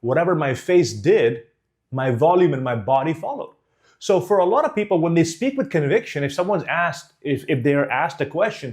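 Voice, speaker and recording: A man's voice: fairly high pitch, a little fast. A man teaching how to speak with conviction, talking straight to his viewers and acting out examples. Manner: animated, demonstrates tones and faces. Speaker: communication coach. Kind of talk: direct-to-camera speaking lesson.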